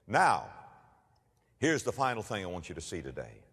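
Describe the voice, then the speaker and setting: A man preaching a sermon, telling stories and rising to loud emphatic declarations. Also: low-pitched, huge pitch swings, moderate pace, pauses often, husky, in a large hall. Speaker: pastor.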